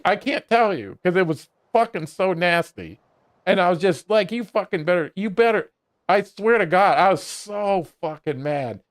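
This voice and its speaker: A man streaming a video game while telling a heated, profane story, often laughing. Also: sits high.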